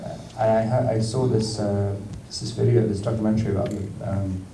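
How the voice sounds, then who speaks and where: Low-voiced English man in an echoey hall. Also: level tone, a little fast, warm tone, recorded from a distance. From England. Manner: hesitant, many ums, laughs often. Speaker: actor interviewed at a film Q&A. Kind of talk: casual stage Q&A. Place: large screening hall with audience. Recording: echoey hall, mic from afar, noise.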